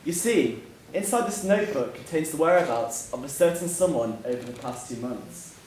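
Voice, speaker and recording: A man's voice: on the high side, lively intonation, normal speed, a little mellow, a little hiss or hum, lightly acted. A student actor playing a stubborn, coughing old father in a school stage play, recorded from far off in an echoey hall. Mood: sly. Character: frail coughing old father who insists he is fit.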